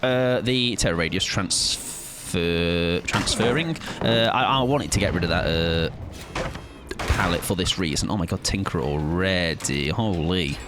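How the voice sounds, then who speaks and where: A man's voice: deep voice, a little slow, background noise. A man in his thirties chatting casually and joking with his audience while streaming a game. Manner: joking, self-mocking banter with chat. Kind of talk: casual chat while gaming.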